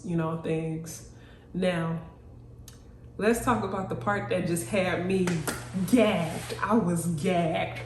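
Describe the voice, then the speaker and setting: Animated, blunt woman, echoey room. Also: on the low side, recorded from a distance, slight background noise. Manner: animated, blunt, swears freely. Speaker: TV recap vlogger. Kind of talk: casual TV recap chat.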